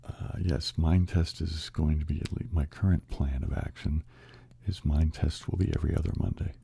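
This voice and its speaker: ASMR stream host, a man with a very deep, gravelly, dark voice, whispering close to the mic. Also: fairly even intonation, moderate pace. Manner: alternates whispers with soft close speech, chats to viewers. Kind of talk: ASMR whispering and soft speaking. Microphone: close microphone.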